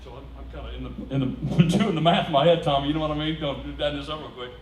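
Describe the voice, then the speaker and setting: A man's voice: on the high side, racing. Man telling stories in an echoey hall. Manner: animated anecdote-telling, laughing through punchlines. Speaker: speaker at a celebration. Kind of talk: storytelling speech to a live audience. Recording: echoey room heard from a distance, faint background noise.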